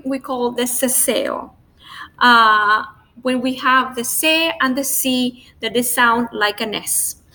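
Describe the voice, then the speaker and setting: High, bright Latin American Spanish teacher. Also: female voice. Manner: repeats sounds slowly and clearly for learners. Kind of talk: pronunciation lesson.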